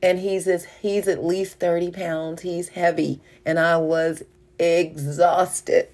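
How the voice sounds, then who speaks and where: An older woman, a mother and wife, telling a personal testimony story, animated and laughing as she goes. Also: lowish voice, slow. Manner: animated, rising when excited, laughs while telling.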